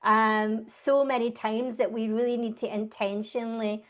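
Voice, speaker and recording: Fast-talking Scottish woman. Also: a little high, flat delivery. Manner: fast, enthusiastic talker. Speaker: guest, wellbeing coach. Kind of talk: conversational interview.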